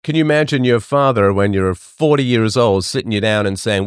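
A middle-aged man hosting a livestream, talking to his chat in a sarcastic, animated monologue. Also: brisk, hardly any pauses, clear, resonant tone, dry recording, clean studio sound. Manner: animated, sarcastic, mimics others in higher voices. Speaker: livestream host. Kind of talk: casual monologue to live chat.

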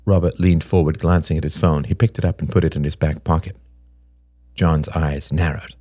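A man reading a story aloud as narrator, in a measured, descriptive way. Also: a bass voice, steady tone, dark tone, dry recording, studio quality.

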